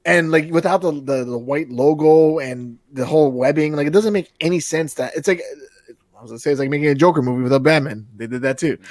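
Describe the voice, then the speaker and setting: Excitable man rambling in dry sound. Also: a little high, fast, dry recording. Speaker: podcast co-host. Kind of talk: casual chat.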